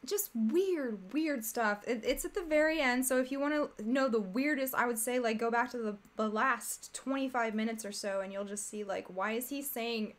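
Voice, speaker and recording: A woman's voice: on the high side, moderate pace, few pauses. A woman hosting a casual commentary stream, talking in a rambling, exasperated, chatty way. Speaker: streamer host.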